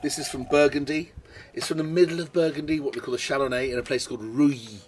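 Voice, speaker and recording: A man's voice: medium pitch, steady tone, fast. A British man tastes wines on camera and talks through them in a chatty, eager way. His voice sits in the middle range. A faint noise runs under the recording. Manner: chatty and enthusiastic, tastes and comments as he goes. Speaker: wine presenter. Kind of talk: casual wine tasting video. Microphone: camera mic.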